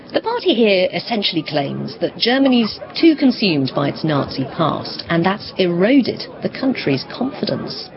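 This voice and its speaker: A woman reporting from abroad as a news correspondent, in measured, descriptive narration. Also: mid-range voice, muffled recording. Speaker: foreign correspondent.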